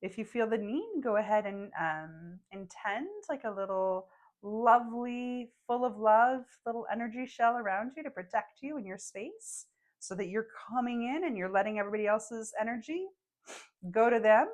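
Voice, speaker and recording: A young woman leads a guided meditation in a soft, unhurried voice. She is emotional and close to tears as she speaks. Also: fairly high pitch, lively intonation. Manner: soft, slow and tearful. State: emotional, crying.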